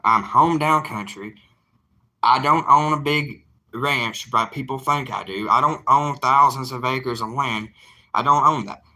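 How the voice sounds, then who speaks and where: A young man, an evangelist vlogger with a Southern US drawl, gives a casual monologue to viewers, emphatic and folksy and repeating lines for emphasis. He speaks at a measured pace with a medium pitch and a sharp tone.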